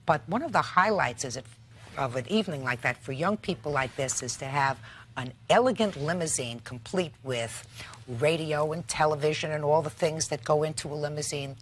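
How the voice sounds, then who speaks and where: A woman's voice: sits low, husky. An older woman acting as a TV judge, scolding and sarcastic as she rules on a small-claims case. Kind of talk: courtroom TV ruling.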